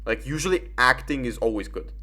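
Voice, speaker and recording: A man's voice: medium pitch, lively intonation, a little fast, sharp tone. A young man giving rambling, casual commentary while gaming, full of fillers and swearing.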